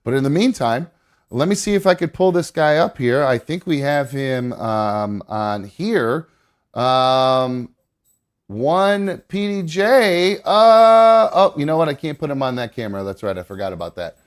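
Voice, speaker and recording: On his live call-in stream, a man chats casually and rambles, cursing freely and restarting sentences as he goes. His medium-pitched voice is smooth and unhurried, with lively intonation.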